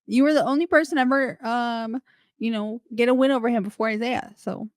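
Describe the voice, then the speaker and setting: A woman's voice: fairly high pitch, fairly even intonation, a little fast, no echo. A woman hosting a casual interview podcast, playful, laughing often and swearing freely. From Puerto Rican heritage. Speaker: podcast host.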